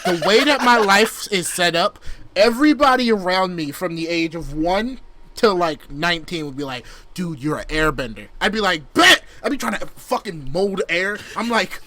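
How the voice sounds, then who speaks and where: A young man co-hosting a podcast, telling stories in an animated, profane way with loud outbursts. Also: high voice, normal speed. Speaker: podcast co-host. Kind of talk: casual chat.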